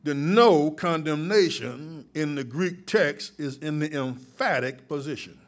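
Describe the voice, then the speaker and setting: A male pastor preaching a sermon, moving from calm teaching to loud, emphatic peaks. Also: fairly high pitch, unhurried.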